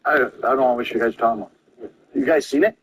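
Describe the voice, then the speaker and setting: A man's voice: mid-range voice, quick pace, a bit bright, slight background noise, low-quality recording. A man answering interview questions in a self-mocking, casual way. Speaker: interview guest.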